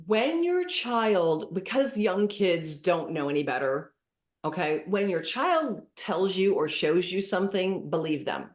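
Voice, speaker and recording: A middle-aged woman giving parenting advice as a podcast guest, lively and acting out what to say to kids. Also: on the low side. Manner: animated, acts out dialogue with kids as examples. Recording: roomy echoey room.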